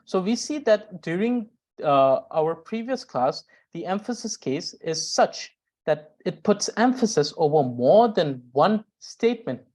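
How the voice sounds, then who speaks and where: A woman with a low voice that rises and falls a lot is teaching a grammar lesson. She explains each point carefully, pausing with "uh" and restarting phrases, and now and then reads out example sentences. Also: very animated, dark tone. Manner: explains slowly with frequent "uh" pauses and restarts. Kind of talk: recorded language lesson.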